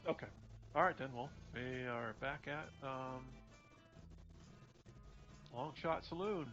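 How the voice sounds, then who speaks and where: A man's voice: medium pitch, slow, fairly bright tone. A man running a tabletop game as game master, talking in a rambling, loose way. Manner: rambling, loose, many fillers and restarts. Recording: dull lo-fi sound with music behind.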